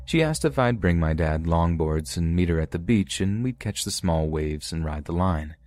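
Male podcast narrator, deep low voice, steady measured read of first-person scary stories. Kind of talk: reading submitted first-person true horror stories.

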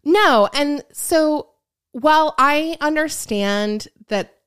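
A woman's voice: sits high, lively intonation, takes it slowly, a bit bright. A woman in her mid-thirties co-hosting a podcast, talking casually in a wry, self-deprecating way. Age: 30s. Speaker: podcast co-host. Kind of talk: casual chat.

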